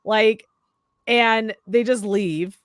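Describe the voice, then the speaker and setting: A young woman hosts a casual horror review, retelling the plot with profanity and animated quoted voices. Her voice sits close and dry, with no room sound. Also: medium pitch, extremely slow, dry recording. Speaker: horror movie review host. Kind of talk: casual movie recap chat.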